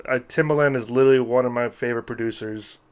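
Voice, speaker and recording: A man's voice: medium pitch, steady tone, quick pace, clear, resonant tone. A young man co-hosting a podcast in loose, profane casual chat, dropping "dude" into most lines. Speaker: podcast co-host.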